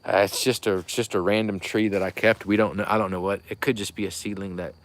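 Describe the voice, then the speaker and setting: A man's voice: fairly low pitch, level tone, fast. A man gives a rambling, folksy walking tour of his fruit tree nursery at night, chatting to viewers. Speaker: rare fruit tree grower and seller. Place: outdoor plant nursery at night.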